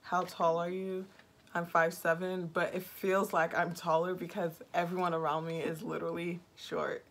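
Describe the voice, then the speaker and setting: A woman in her twenties from Nigeria, talking casually in a get-to-know-me vlog with a slow, monotone, dry sarcastic delivery. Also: on the low side. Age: 20s. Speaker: vlogger.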